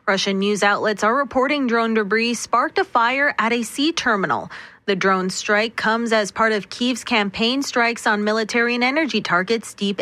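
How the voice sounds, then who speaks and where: A woman reads the news as anchor, her delivery steady and measured. Her voice is bright and a little high, and the sound is dry and close. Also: no echo. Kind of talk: scripted news reading.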